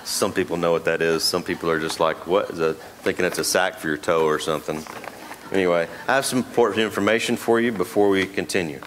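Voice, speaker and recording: A man preaches in a church sanctuary, his voice sitting on the low side. He keeps it conversational and joking, talking straight to the congregation. A faint room ambience hangs behind him. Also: fairly even intonation, fast, fairly bright tone, a little hiss or hum. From Texas. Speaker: pastor. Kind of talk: sermon.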